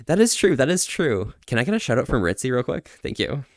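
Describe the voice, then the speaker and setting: A man streaming casually, reading viewer chat aloud, laughing often and switching into halting French. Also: medium pitch, sing-song, no echo, clean studio sound. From Canada.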